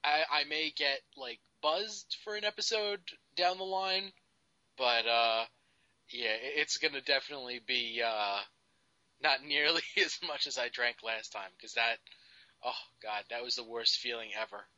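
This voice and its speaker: Bright-voiced male co-host, dry, slightly dull recording. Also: mid-range voice, measured pace, no echo. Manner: rambling, lots of "like". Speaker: podcast co-host. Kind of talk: casual podcast chat.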